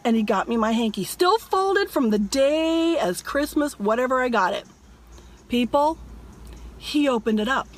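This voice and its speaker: Woman vlogger, high voice, dramatic storyteller who preaches hard at her viewers. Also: lively intonation, measured pace. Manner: emphatic, addresses viewers as "people". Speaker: religious vlogger.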